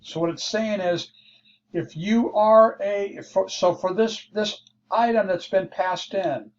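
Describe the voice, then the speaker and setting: Slow-talking man teaching code. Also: high voice. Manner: slow, explanatory, thinking aloud with fillers. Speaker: programming instructor. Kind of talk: screen-share coding lesson. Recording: dull lo-fi mic with faint hiss.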